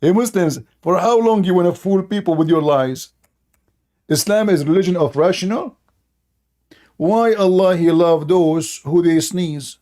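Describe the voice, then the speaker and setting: Sarcastic man with a higher, mellow voice. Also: unhurried. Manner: sarcastic, mocking, laughs at own points; broken, non-native English grammar. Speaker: online religion critic. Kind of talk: mocking commentary monologue.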